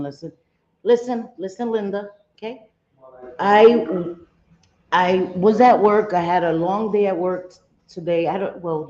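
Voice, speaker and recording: A woman's voice: mid-range voice, darkish tone. A middle-aged woman hosting a casual livestream from home, chatting and greeting viewers by name. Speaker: livestream host. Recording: slightly dull livestream audio.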